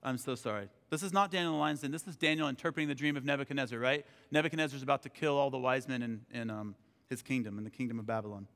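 A man preaching a sermon, telling a scripture story in an animated way and acting out the characters. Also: fairly high pitch, quick pace. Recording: long hall reverb.

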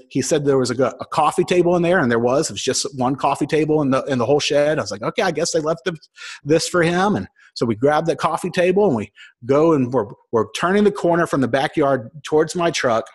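A man's voice: fairly high pitch, slightly rough. A man in his thirties giving a sermon, telling a personal story with humor and acting out the voices of people in it. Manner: storytelling, acts out quoted voices, self-mocking. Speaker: pastor.

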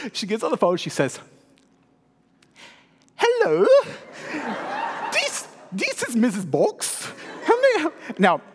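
High-voiced man preaching in a hall. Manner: lively humorous storytelling. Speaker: pastor. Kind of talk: sermon. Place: church sanctuary. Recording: long hall reverb.

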